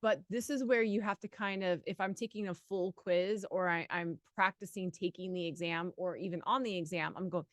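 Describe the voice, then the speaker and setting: A woman co-hosting a live exam study lesson, chatty and quick to laugh, thinking aloud through answers. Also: lowish voice, fairly even intonation, dry recording, studio quality. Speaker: exam prep co-host.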